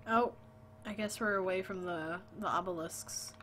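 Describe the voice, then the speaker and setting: A woman's voice: medium pitch, normal speed, fairly bright tone, a little hiss or hum. Tired woman chatting on a game stream. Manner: sleepy, chatty, talks to chat and her dog. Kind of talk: casual gaming stream chat. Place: home, late at night.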